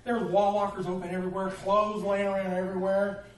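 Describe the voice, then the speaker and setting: A man's voice: sits high, little pitch movement, fast. A man preaching a sermon as pastor, telling stories with humor and animation. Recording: echoey room, distant mic, faint noise.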